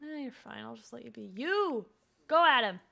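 Excitable high-voiced woman streamer. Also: normal speed, vocal fry. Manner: excitable, shifts between yelling at characters and muttering asides. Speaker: game streamer. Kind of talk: live gameplay commentary.

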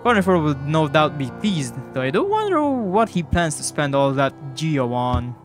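A man's voice: on the high side, huge pitch swings, normal speed, over music. A man doing a chatty old bug shopkeeper. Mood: genial.

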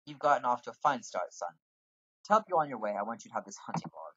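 A man's voice: mid-range voice, very animated, quick pace, a bit bright, muffled recording, a little hiss or hum. A man reading out a bossy male guildmaster from a role-playing game in a put-on lecturing voice.

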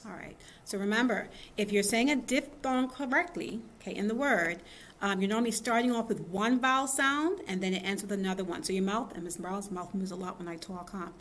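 A woman's voice: mid-range voice, a little fast, a bit bright, slight background noise. A woman teacher giving a children's phonics lesson, upbeat and encouraging, checking in with "okay?" often.

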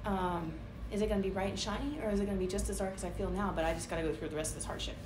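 A woman's voice: mid-range voice, rapid-fire, background noise. A woman pastor preaching a conversational sermon, playfully acting out little prayer scenes. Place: church hall. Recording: echoey church room.

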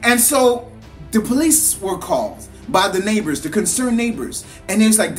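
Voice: medium pitch, animated, moderate pace, faint music behind. A parent giving an earnest motivational talk, repeating phrases with a preaching cadence and telling a story to make a point. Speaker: motivational speaker.

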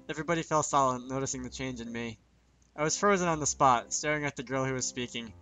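A man's voice: medium pitch, fast, pushed and bright, faint music behind. A man reading a visual novel aloud in first person, dropping joking asides between lines.

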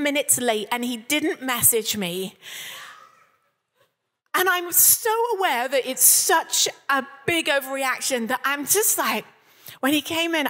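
A woman's voice: high voice, expressive, measured pace, pushed and bright. A woman in her thirties preaching at a church service, telling candid, humorous stories and acting out what people said. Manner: candid, humorous storytelling with acted-out quotes. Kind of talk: sermon. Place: church hall. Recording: long reverb of a church hall.

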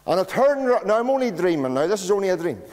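A Northern Irish pastor preaching a sermon, telling homely stories in a lively way. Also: male voice, sits high, quick pace. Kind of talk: storytelling sermon. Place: church. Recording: long church reverb.

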